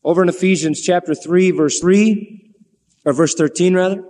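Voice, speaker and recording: Animated preacher man in a reverberant hall. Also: high voice, normal speed. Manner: animated storytelling preacher, acts out quoted lines. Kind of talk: sermon.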